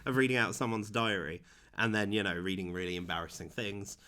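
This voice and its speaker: A man's voice: on the low side, fairly even intonation, fairly quick, pushed and bright. A young man, co-hosting a podcast with dry, understated remarks. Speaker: podcast co-host. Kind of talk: casual chat.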